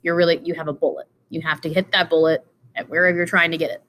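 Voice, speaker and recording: A woman's voice: deep voice, fairly even intonation, fast talker, a bit bright, a little hiss or hum. A woman giving an informal lesson, walking through slides with many fillers and asides. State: tired, yawning. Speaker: teacher. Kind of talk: casual explanatory lecture.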